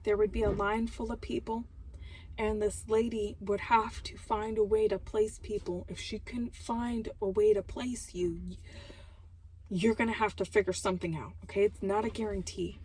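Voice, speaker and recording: A woman with children telling a personal story in casual vlog style, animated, with loud laughing outbursts and hushed asides. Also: medium pitch, normal speed, slight background noise, low-quality recording. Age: adult with children. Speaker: vlogger.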